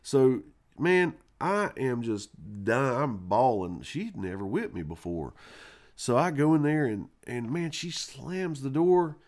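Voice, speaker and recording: A man with a medium-pitched, sing-song voice talks slowly while hosting a live stream. He wanders casually through a childhood story, profane and full of fillers like "man" and "you know."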